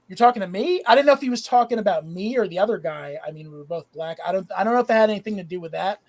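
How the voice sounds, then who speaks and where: Rambling high-voiced man, visibly high. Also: lively intonation, rapid-fire, a little mellow. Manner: rambling, swearing storyteller. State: high, drifting in and out. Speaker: panelist. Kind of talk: casual live panel chat.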